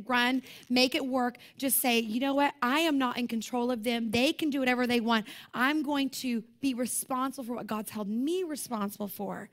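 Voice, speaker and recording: High-voiced woman preaching with passion. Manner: passionate, conversational preaching with repetition. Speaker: conference speaker. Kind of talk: sermon. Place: conference room.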